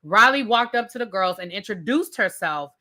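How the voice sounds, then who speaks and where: A woman hosts a casual live review of a TV show and talks straight to her viewers. Her voice is bright and forward. She retells scenes in an animated, informal way, stumbling through restarts and fillers. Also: mid-range voice, moderate pace. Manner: informal, addresses viewers as y'all. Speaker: TV review host. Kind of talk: casual live recap rant.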